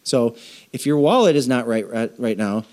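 A middle-aged man preaching a conversational sermon on generosity, with jokes and animated asides. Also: mid-range voice, normal speed, a little hiss or hum. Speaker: pastor.

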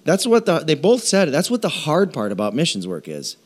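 A man preaching a sermon, telling stories and acting out quoted voices, with halting restarts between phrases. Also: on the high side. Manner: storytelling with animated quoted voices. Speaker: pastor.

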